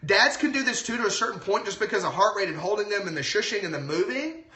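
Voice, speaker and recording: Excited male doctor, chatty livestream host, bright tone, echoey room. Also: high-pitched, quick pace. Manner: excited, chatty, lots of asides. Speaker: doctor giving health advice. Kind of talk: casual livestream talk.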